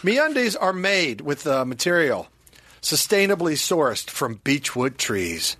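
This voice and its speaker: A male podcast host with a lively, swooping voice jokes through casual banter and a playful ad read. His tone is bright and forward. The sound is dry and close. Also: on the high side, slow pace, slightly rough, no room sound. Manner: jokey, playful, breaks into mock shouting.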